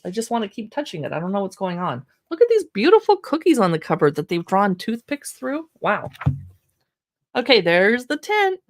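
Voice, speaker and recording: A chatty woman hosting a casual livestream, leafing through a cookbook and exclaiming over the pictures with self-deprecating asides. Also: medium pitch. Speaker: livestream shopping host.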